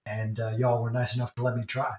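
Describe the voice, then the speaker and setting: A man's voice: mid-range voice, level tone, fast talker, reverberant. A man appearing as a podcast guest, chatting casually in a modest, easygoing way. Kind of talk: casual chat.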